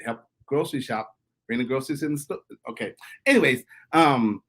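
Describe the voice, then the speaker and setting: A man speaking as a guest on an online panel, excited and repeating words as he starts his thoughts. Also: on the high side, fairly quick. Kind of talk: casual panel chat.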